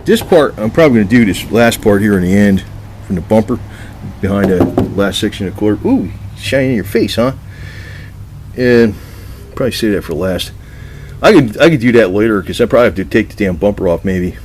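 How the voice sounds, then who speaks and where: A man's voice: fairly low pitch, animated, brisk, noisy background. A man talking to his cats in a coaxing voice, rambling and swearing casually as he films at home by his old car. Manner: coaxing pet talk mixed with rambling asides and casual swearing. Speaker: cat owner filming his cats.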